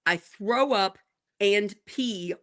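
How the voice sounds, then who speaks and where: A woman in her forties, co-hosting a morning show, telling a family story in a lively way and laughing often. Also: mid-range voice, drawn-out words. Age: 40s. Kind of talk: casual chat.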